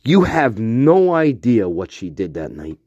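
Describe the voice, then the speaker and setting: A man's voice: medium pitch, sing-song, a little slow, dark tone, no room sound. A man giving a profane, repetitive, accusatory rant as a true-crime commentator, recorded on a dull lo-fi track. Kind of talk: angry solo rant to camera.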